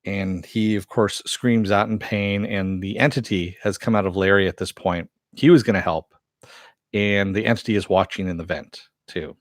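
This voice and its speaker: Male reviewer, lower register, loose chatty recap with filler words, dry close mic. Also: steady tone, normal speed, dry recording. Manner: rambling with many fillers and quoted lines. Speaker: TV episode reviewer. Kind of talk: casual recap narration.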